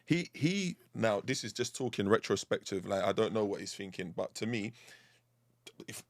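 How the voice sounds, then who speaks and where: A man co-hosting a casual football chat show, animated and playful, arguing and laughing with his co-host. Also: on the low side, normal speed, no room sound, studio quality.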